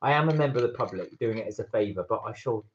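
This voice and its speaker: Brief: man, live-stream co-host, lively, up-and-down delivery, dull lo-fi audio. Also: lowish voice, very fast, slight background noise. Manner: chatty, reads viewer comments aloud. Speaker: channel co-host. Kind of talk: live-stream chat reading comments.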